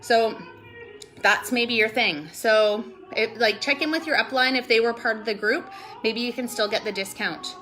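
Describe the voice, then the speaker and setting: A woman's voice: fairly high pitch, moderate pace, bright, forceful tone, faint music behind. A woman vlogging casually to her business team, gushing and rambling with lots of "like" and "totally", sometimes close to tears. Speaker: network marketing vlogger. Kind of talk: casual motivational vlog.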